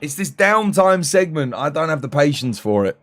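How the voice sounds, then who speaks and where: Tired and fading after eighteen hours, a man chats casually on his live stream, joking and thanking viewers by name in a drawn-out, weary manner. His voice is a little high and swings widely in pitch.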